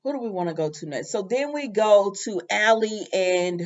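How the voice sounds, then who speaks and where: A woman's voice: mid-range voice, expressive, moderate pace, dull audio. A woman casually recapping a soap opera episode for her viewers, chatty and familiar, calling them baby and child.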